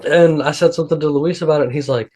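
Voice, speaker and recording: A man's voice: a little high, fast, darkish tone. A man hosting a podcast, telling a rambling story in casual chat with lots of restarts. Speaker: podcast host.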